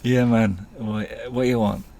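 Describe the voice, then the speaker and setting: A man's voice: mid-range voice, steady tone, slow pace, vocal fry, warm tone, slight background noise, voice pushed up. A man putting on a drawling put-on Jamaican dealer. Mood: laid-back. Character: laid-back male street dealer.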